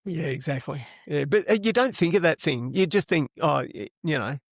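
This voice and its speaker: A man's voice: fairly high pitch, expressive, normal speed, creaky, no echo, studio quality. A middle-aged man with an Australian accent, telling stories as an interview guest in casual, rambling talk with plenty of swearing. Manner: rambling yarn-spinner, swears freely. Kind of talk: casual storytelling.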